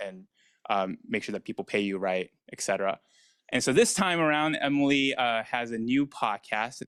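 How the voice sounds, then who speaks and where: A man hosting a workshop, introducing the guest speaker in a halting way with many uhs. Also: fairly low pitch, fairly bright tone, clean tone, no echo. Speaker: workshop host. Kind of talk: event introduction.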